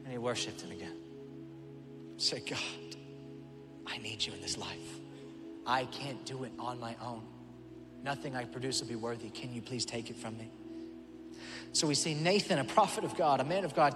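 A male pastor preaching a sermon, telling the story in an animated way and acting out voices. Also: on the high side, big-room sound. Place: church auditorium.

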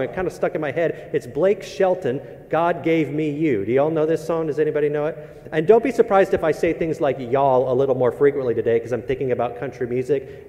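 A man's voice: mid-range voice, dark tone. A male pastor preaching a sermon in a church, reading scripture and praying, then moving into a casual, joking talk with the congregation. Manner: conversational, joking asides between scripture and prayer. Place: church sanctuary. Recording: long hall reverb.

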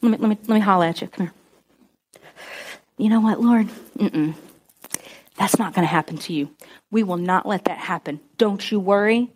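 A woman's voice: mid-range voice, moderate pace, long pauses, a little mellow, husky, voice pushed down, natural voice. A woman doing a pushy, protective Peter. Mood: pleading, insistent. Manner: coaxing, insistent, street-casual. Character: Peter the apostle, grown man, pushy and protective.

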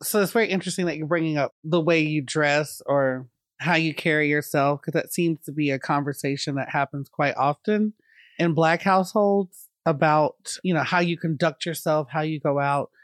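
A podcast host from Bolivia, a woman, asks measured, thoughtful questions at an even pace. Her voice is close and dry, with no room around it. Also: low-pitched, no echo. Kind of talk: interview questions.

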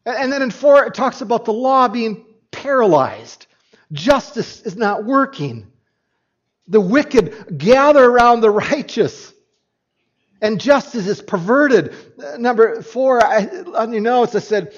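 A man preaching an animated sermon as a pastor, often restarting his sentences as he explains a passage to his congregation. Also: high voice, unhurried, lo-fi sound.

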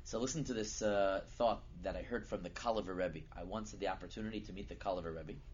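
A man giving a sermon as a lively storyteller who builds to loud, emphatic peaks. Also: deep voice, quick pace. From United States. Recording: dull lo-fi recording with faint noise.

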